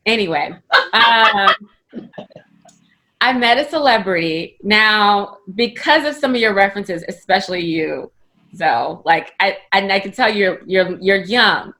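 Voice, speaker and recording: A woman in her thirties, a comedian, telling a story in a chatty, animated way over a video call. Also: mid-range voice, a little slow. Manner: chatty, animated, lots of "like" and "you know".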